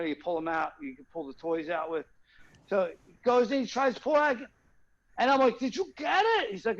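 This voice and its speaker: This guest comedian has a high voice, captured in lo-fi sound. Over a video call he meanders through a funny story, repeatedly asking his listener, "you know what I mean?"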